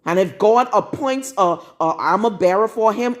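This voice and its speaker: A woman's voice: medium pitch, lively intonation, moderate pace, few pauses. A woman preaching a live-streamed sermon in a blunt, scolding, confrontational manner. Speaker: prophetess.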